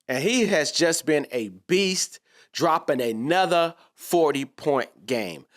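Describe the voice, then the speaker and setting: A man's voice: fairly high pitch, animated, slow pace. A man giving a casual, slangy sports reaction monologue, talking straight to his viewers.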